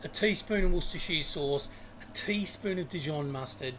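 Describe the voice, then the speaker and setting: An Australian co-host with a slightly higher-pitched voice, chatting casually and cracking jokes. He talks easily and tells stories with relish. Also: normal speed, background noise. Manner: jokey, chatty storyteller. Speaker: podcast co-host. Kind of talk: casual chat.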